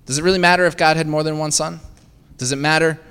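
A man delivering a sermon in a fairly high voice, talking to his listeners and asking rhetorical questions. He often checks in with a quick "right?" while he explains scripture. His voice carries a long reverb from a large hall. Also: steady tone, fairly bright tone, clean tone. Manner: conversational, asks the congregation rhetorical questions with frequent "right?". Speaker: preacher.

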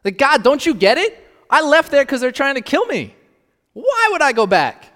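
A pastor voicing a desperate, exasperated prophet who pleads in anguished outbursts. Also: male voice, very high voice, very animated, moderate pace, a bit bright, in a large hall, voice pushed up, full character voice.

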